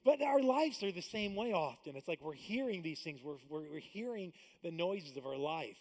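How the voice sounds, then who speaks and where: A man preaching a live church sermon, swinging between loud emphatic bursts and hushed asides. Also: on the high side, animated, moderate pace. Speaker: pastor. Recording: long hall reverb.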